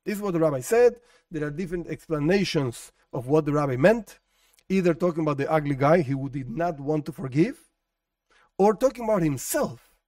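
A man teaching a religious lesson as an animated storyteller, with chatty asides, recorded dry from a little distance. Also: fairly high pitch, a little fast, no room sound.

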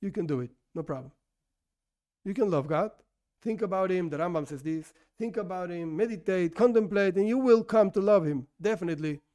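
High-voiced man teaching a relaxed Torah lesson. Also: a little fast. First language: not English. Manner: conversational, self-correcting, asks and answers his own questions. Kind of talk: informal religious lesson.

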